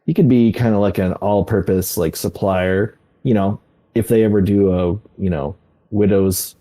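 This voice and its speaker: A man chatting as a podcast guest, rambling loosely and breaking into laughs. His voice is low and mellow. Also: steady tone, normal speed. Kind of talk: casual podcast chat.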